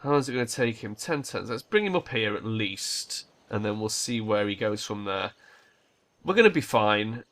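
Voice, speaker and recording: A man's voice: fairly low pitch, animated, normal speed, a bit bright. A man hosting a strategy game let's play, casually thinking aloud and swearing now and then. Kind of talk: gameplay commentary.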